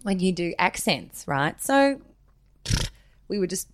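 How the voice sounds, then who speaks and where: A woman hosting a casual podcast chat in her small home studio, playful and quick to laugh. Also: on the low side, sing-song, no room sound. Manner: playful, laughs often, tries out accents. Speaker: podcast host.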